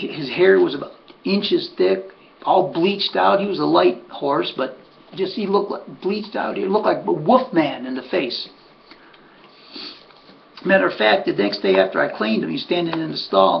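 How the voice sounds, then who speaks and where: An older man who trains horses tells a rambling personal story, chatting away with lots of restarts and asides and calling people "buddy." His voice is a little high, animated and creaky, at a moderate pace. The recording is dull and lo-fi with a faint hum.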